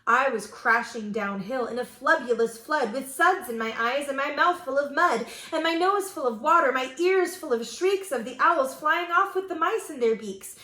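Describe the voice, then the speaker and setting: Brief: storyteller woman, high voice, lively sing-song read-aloud, echoey room. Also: moderate pace, hardly any pauses. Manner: expressive sing-song reading. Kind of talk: reading a picture book aloud.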